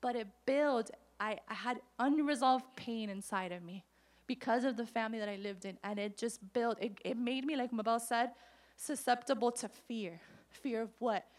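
Woman preacher telling her testimony, slightly high voice, lots of little acted-out quotes. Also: moderate pace. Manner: personal testimony told with quoted voices, animated. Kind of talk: sermon.

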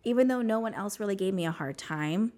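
This interview guest, a woman with a mid-range voice, talks fairly quickly as she recounts her own story in a relaxed chat. Lively throughout, she leans on "like" and mimics others' words.

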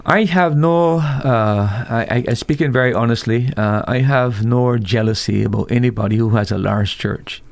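A man who is a pastor talking on a radio discussion, emphatic and rising sharply in pitch when he quotes other preachers. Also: moderate pace, gravelly, few pauses. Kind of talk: radio talk show discussion.

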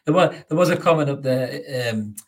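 A man's voice: medium pitch, normal speed. A man over 38, hosting a casual football chat with blunt, sweary banter. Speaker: podcast host.

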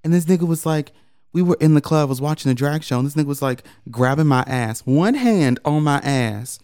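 A man co-hosting a podcast, telling a story in casual chat, animated and profane, jumping into high mocking quotes. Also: brisk, clean tone, dry recording, studio quality.

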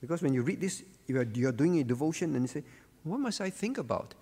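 Animated and fast, with a warm tone and a breathy edge, a pastor with a fairly high male voice teaches scripture to a group. He keeps stopping to pose questions, calls on people by name and repeats key words. The sound echoes with a long, large-hall reverb.

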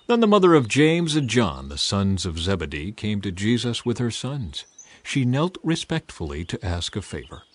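A man giving an expressive, dramatized reading of scripture. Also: lowish voice, moderate pace. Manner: expressive reading with a lively rise and fall. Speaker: scripture reader.

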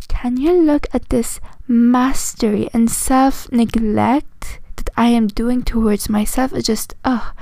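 A woman's voice: on the high side, steady tone, measured pace, vocal fry, few pauses, dark tone, dry recording. Tired, self-mocking young woman with an accent. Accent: non-native English. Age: 20s. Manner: rambling, self-mocking, with restarts and frequent "okay?". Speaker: podcast host. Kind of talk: casual solo podcast monologue.

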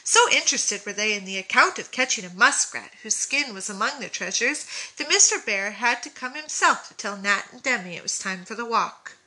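A woman reading a classic novel aloud, who pauses now and then to comment on the text. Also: fairly high pitch, bright, forceful tone, rough recording. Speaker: audiobook reader.

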